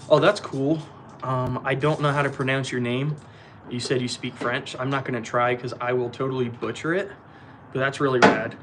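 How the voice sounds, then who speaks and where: Man hosting a livestream, casual and easygoing, laughs at himself, clear background noise. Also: medium pitch, little pitch movement, normal speed. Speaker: livestream host. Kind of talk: casual live-stream chat reading comments.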